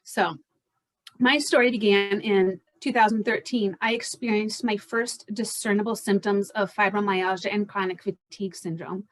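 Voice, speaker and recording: A woman's voice: mid-range voice, steady tone, moderate pace, no echo. Woman in her 40s, earnest health coach, plain mid voice, dry close sound. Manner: earnest, direct, listing points steadily. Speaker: fibromyalgia coach. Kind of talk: personal story and coaching pitch.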